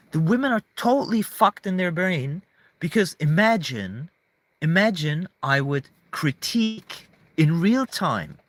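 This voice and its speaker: A man's voice: fairly high pitch, a bit bright, no room sound. A man in a casual, rambling monologue to camera, emphatic, swearing often and restarting his sentences. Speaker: vlogger.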